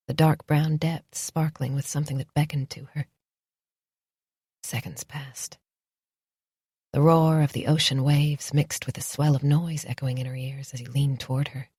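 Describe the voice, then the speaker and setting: A woman narrating a romance audiobook in a soft, intimate, measured reading. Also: low-pitched, slightly rough, dry recording, clean studio sound.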